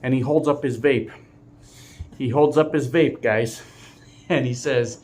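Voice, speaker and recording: A middle-aged man, a truck driver, casually telling a story to his viewers with animated chuckles. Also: mid-range voice, takes it slowly, long pauses.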